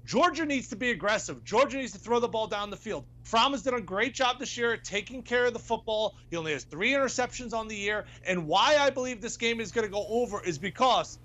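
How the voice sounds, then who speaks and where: A man giving an animated, emphatic pick as a sports betting analyst in a studio debate, repeating points for effect. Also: sits high, brisk, hardly any pauses, muffled recording.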